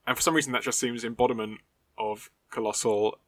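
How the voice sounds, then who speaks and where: Man, casual chat, bright tone, hesitant, many ums, dry sound. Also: medium pitch, fairly even intonation, a little fast, dry recording. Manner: rambling, hesitant, many fillers. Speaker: podcast co-host.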